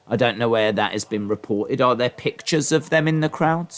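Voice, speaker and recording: A man's voice: mid-range voice, normal speed. A man hosting a live wrestling watch-along, chatting and answering his viewers in rambling asides. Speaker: livestream host.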